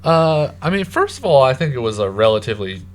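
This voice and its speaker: A man's voice: medium pitch, very animated, fast talker. A young man co-hosting a casual chat, describing a haunted attraction in a laid-back way with lots of fillers. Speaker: co-host.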